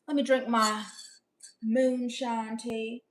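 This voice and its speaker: A woman's voice: a little high, flat delivery, slow. A young woman live-streaming, reading viewer comments aloud and firing back sassy, brash comebacks.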